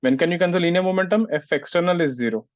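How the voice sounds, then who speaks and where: Talking very fast in a high-sitting voice, a male physics teacher lectures and scolds students who don't listen, often asking "getting it?" The muffled, dry recording has no echo.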